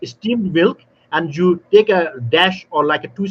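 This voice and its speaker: A man talking as a guest expert in a live panel, telling lively stories and explaining in non-native grammar, often acting out little exchanges. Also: high voice, measured pace, husky, highs cut off. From South Africa. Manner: animated storyteller, non-native grammar, acts out dialogue. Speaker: barista trainer guest.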